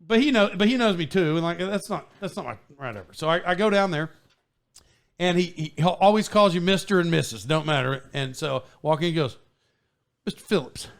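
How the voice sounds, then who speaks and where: A man hosting a podcast, telling a story in a casual, animated way with frequent laughs and restarts. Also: fairly high pitch, a little fast, gravelly. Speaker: podcast host.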